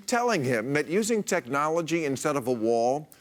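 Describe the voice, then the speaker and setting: A man's voice: on the high side, very animated, normal speed. A middle-aged American man delivering a sarcastic stand-up monologue as a late-night comedy host in a television studio before a live audience. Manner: wisecracking, sarcastic, laughing between jokes. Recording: loud studio audience laughter and noise.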